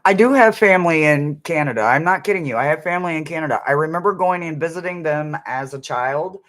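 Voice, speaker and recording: A man's voice: fairly high pitch, fast talker, a bit bright. Chatty man rambling on a livestream. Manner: chatty, rambling, hums and sings snippets. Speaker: livestream host. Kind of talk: casual livestream chat.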